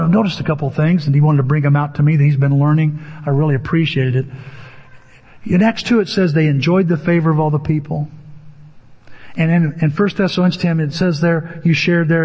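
A man preaching a sermon, telling stories with animation and acting out his own inner voice. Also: on the high side. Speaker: pastor. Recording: dull lo-fi audio with long hall reverb.

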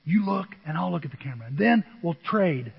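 An older man preaching a sermon as pastor, telling self-deprecating stories with dramatic swings from soft to loud. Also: a little high, expressive, brisk, vocal fry, breathy edge. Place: church sanctuary. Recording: muffled audio with long hall reverb.

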